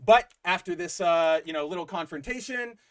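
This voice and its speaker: A man co-hosting a podcast, excitedly retelling a story in a rambling, casual way full of fillers. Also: sits high, normal speed. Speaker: podcast co-host. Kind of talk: casual comic book chat.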